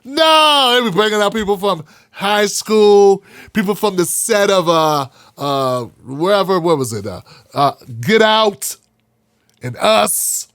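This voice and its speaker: A man hosting a commentary show, sarcastic and animated, firing off rhetorical questions. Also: sits high, measured pace, no echo, clean studio sound. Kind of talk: political commentary monologue.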